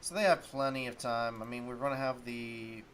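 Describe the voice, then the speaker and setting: This sports talk host speaks with fairly even intonation at medium pitch and moderate speed, his tone slightly bright. Alone on his stream, he wanders through casual talk and thinks aloud as he looks up numbers, with a little hiss or hum present.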